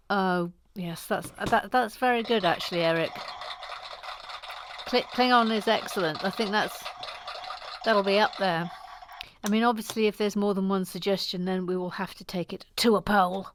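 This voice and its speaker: A woman from Deeside hosting a Lego building channel, chatting gently and self-deprecatingly as she reads viewer comments, sometimes dropping to a whisper. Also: mid-range voice, moderate pace, slight background noise. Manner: soft-spoken, gentle, self-deprecating, drops to a whisper at times. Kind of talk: casual chat while building and reading comments.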